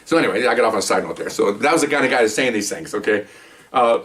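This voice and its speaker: A man's voice: on the low side, expressive, rapid-fire, a bit bright, far from the mic. An older man, a retired police officer, telling rambling, jokey stories from his career and peppering them with "okay?" and "you know". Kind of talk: casual storytelling monologue.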